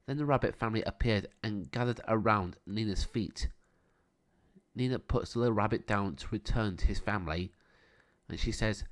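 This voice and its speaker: A man narrating a children's storybook aloud in a calm, steady reading voice. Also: fairly low pitch, moderate pace.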